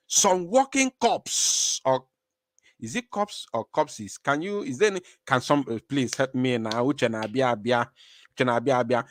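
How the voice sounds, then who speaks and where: Animated man hosting a live stream. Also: mid-range voice, measured pace, no echo, studio quality. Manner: animated, rambling, speaks to viewers. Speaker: online show host.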